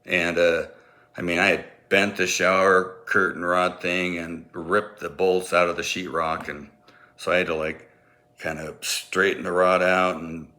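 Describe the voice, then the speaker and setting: Bright-voiced man telling a funny story. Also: low voice, a little slow. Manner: animated, acts out sounds and voices. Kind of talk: comic personal storytelling.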